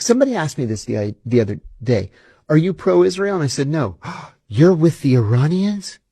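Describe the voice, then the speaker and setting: A man's voice: mid-range voice, dark tone, slightly rough, dry recording. A man being interviewed, telling stories animatedly and acting out the dialogue he quotes. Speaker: interview guest, former intelligence officer. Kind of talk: conversational interview storytelling.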